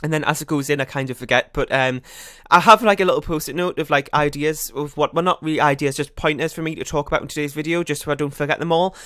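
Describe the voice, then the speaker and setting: A man's voice: on the high side, pushed and bright, dry recording, studio quality. A man giving casual, rambling voice-over commentary on a building game, often correcting himself. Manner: fast, rambling, self-correcting chatter. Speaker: YouTuber.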